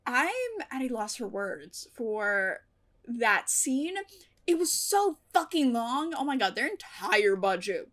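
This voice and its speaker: Young woman, kinda high voice, chatty and sweary, laughing her way through an episode recap. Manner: chatty, animated, swears a lot and laughs often. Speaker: TV reaction YouTuber. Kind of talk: casual episode recap and review.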